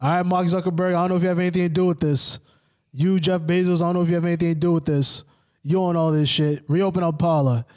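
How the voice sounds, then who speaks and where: A man with a fairly high voice holds forth on a podcast. He rants with animated, preachy energy and swears freely between jokes. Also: quick pace. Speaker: podcast co-host. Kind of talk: casual profane podcast chat.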